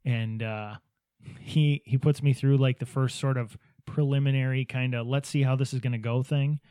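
Casting: man, mid-pitched mellow voice, storyteller who quotes others, dry close sound. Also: steady tone, moderate pace, clear, resonant tone, dry recording. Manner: anecdotal, laughs easily, acts out quotes. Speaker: podcast host, business owner. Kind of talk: casual chat, storytelling.

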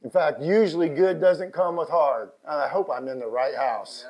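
A middle-aged man with a Texan accent preaching a sermon as pastor, swinging from quiet asides to impassioned shouted lines. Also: fairly high pitch, normal speed, poor audio. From Texas.

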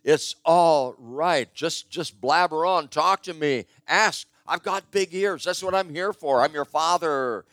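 A man's voice: a little high, unhurried, hardly any pauses, a bit bright, dry recording, clean studio sound, voice pushed up. A man voicing God as a patient, welcoming father who coaxes his children to talk to him. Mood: reassuring. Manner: coaxing, reassuring.

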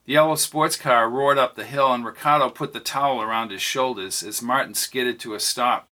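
A man's voice: normal speed, pushed and bright. A man reading a novel aloud as narrator, raising his voice for the characters' lines. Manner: reads dialogue with lifted pitch for characters. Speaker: audiobook narrator.

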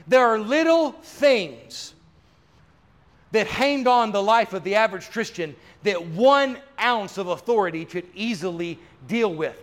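A man with a notably high voice preaches a charismatic sermon in a church. He is fervent, and his talk builds to loud, drawn-out declarations. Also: animated. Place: church sanctuary.

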